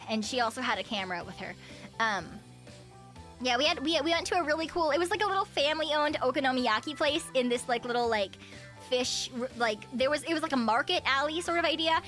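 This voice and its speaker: With a high, bright, forceful voice, this woman streams as a VTuber and chats casually. Laughter pops up often between her sentences as she rambles through fillers and self-corrections.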